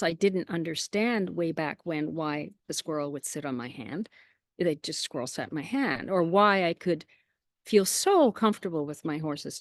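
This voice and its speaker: A woman's voice: fairly low pitch, dry recording, clean studio sound. Chatty woman telling animal stories. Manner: chatty, lively anecdotes with quoted asides; laughs often between phrases. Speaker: interview guest. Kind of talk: casual storytelling.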